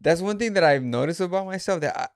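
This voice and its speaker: A man's voice: high-pitched, lively intonation, fast talker, no echo, studio quality. A man from Los Angeles, a comedian, chatting casually on a podcast in a laid-back, slangy way. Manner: laid-back, slangy, says bro often. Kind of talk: casual chat.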